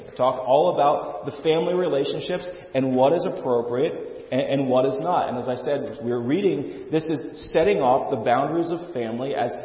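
A male pastor preaching a sermon in an earnest way, often restarting and repeating words. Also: mid-range voice. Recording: echoey hall, dull lo-fi sound.

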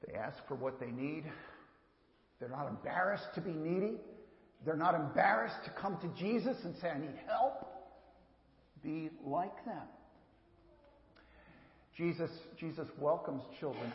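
A man giving a sermon as pastor, earnest and repeating words for emphasis, often speaking straight to the children. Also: sits high. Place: church sanctuary. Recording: echoey hall, dull lo-fi sound.

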